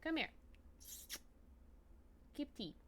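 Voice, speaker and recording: A woman streaming from home, chatting casually while she plays a game, excitable, laughing often and swearing freely. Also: drawn-out words, a little hiss or hum. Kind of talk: casual live-stream chat while gaming.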